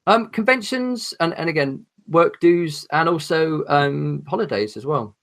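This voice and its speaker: Articulate English man, halting ums. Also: a little high, expressive, vocal fry, fairly bright tone. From England. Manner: articulate, hesitant with many ums and restarts. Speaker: podcast guest, horror author. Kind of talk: casual chat.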